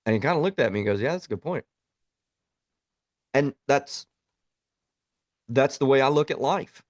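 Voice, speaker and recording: A man's voice: mid-range voice, animated, normal speed, pauses often, dry recording. Blunt, plainspoken man, dry sound. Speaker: podcast host, Army veteran. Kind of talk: reflective monologue.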